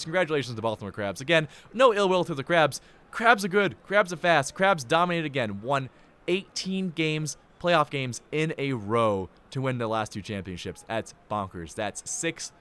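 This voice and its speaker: A man hosting a live sports stream, signing off with excitable, hype-filled chatter and big swings in pitch. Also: slight background noise. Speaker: play-by-play host.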